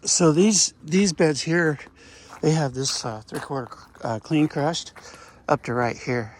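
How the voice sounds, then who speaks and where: Narrating a casual vlog as he works in his garden outdoors, a man who ranches rambles along in a folksy manner, wandering off topic and tossing in folksy exclamations. He speaks slowly in a voice on the high side, and the recording carries a little hiss or hum.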